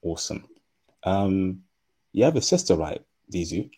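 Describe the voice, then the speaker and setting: A man hosting a livestream, speaking slowly and deliberately with a non-native English accent. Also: low voice, big pitch swings, mellow, breathy edge. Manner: slow, deliberate speech. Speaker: livestream host. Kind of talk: casual livestream talk.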